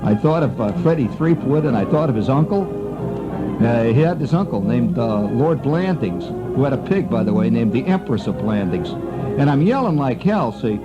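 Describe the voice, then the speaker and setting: Animated middle-aged man spinning a radio yarn. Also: medium pitch, moderate pace. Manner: rambling, animated storyteller full of asides. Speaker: radio host. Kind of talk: storytelling monologue. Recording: muffled old radio broadcast with faint music.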